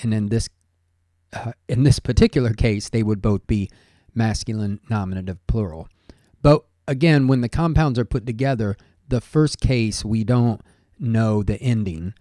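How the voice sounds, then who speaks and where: A man teaching an ancient language in a measured, scholarly way, thinking aloud with small pauses as he explains each word. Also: fairly low pitch, warm tone, no echo, studio quality. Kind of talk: explanatory lesson monologue.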